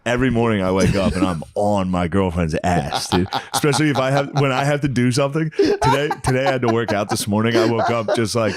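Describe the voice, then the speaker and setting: A man's voice: mid-range voice, fast, few pauses, crowd noise. A man in his thirties co-hosting a podcast, bantering casually with laughs and swearing. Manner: laid-back, profane banter with lots of laughing. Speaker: podcast co-host. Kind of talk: casual chat.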